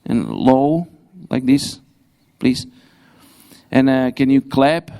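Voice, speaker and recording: A young man preaching a sermon in a church, pausing and restarting often, with grammar and the odd light laugh. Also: medium pitch, big pitch swings, gravelly, dark tone, clear, resonant tone. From Slovakia. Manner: halting, frequent restarts, non-native grammar, light laughs. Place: church hall.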